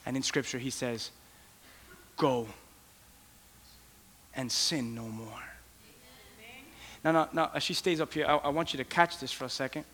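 A man preaching a sermon with impassioned pleas that rise toward shouting. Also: fairly high pitch, fast talker, hardly any pauses, a little hiss or hum. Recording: long hall reverb.

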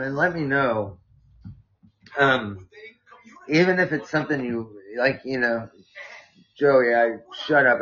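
A man's voice: medium pitch, bright, forceful tone, highs cut off. A man hosting a casual podcast, reading listener stories aloud and rambling with many fillers and restarts. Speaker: podcast host.

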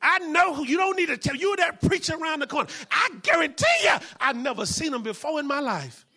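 A man acting out an angry, hostile man who is shouting accusations at a preacher. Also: very high voice, brisk, voice pushed up, heavily acted.

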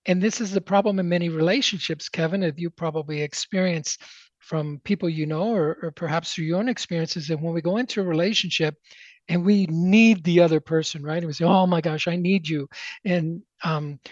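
A man speaking as an interview guest, telling a motivational story in an emphatic, animated way. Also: on the high side, a little fast, no room sound, highs cut off.

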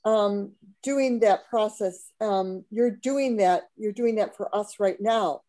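Woman questioner, very slow, mellow, hesitant. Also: mid-range voice, poor audio. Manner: hesitant, many ums. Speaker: audience member asking a question.

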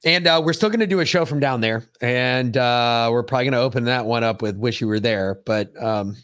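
A man's voice: mid-range voice, brisk, fairly bright tone, clear, resonant tone, no echo, clean studio sound. A man hosting a podcast in casual chat, rambling and profane as he tells stories. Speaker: podcast host.

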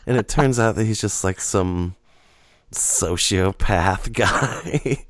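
A man co-hosting a podcast, telling a long rambling story in a casual, profane and animated way, laughing often. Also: on the low side, slow pace, dry recording, studio quality. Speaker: podcast co-host.

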